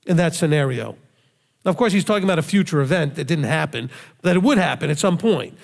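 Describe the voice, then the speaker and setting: A man's voice: fairly high pitch, expressive, a little fast, creaky. A male rabbi giving a conversational sermon, emphatic and full of rhetorical questions he answers himself. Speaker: rabbi teacher. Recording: long hall reverb.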